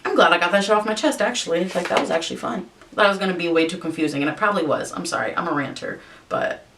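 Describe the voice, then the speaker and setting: A young woman vents in a profane, exasperated rant while she does her makeup for a vlog. Her voice is low and gravelly. She sits a little back from the camera mic, with a faint rumble underneath. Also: racing, a bit bright, recorded from a distance. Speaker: vlogger.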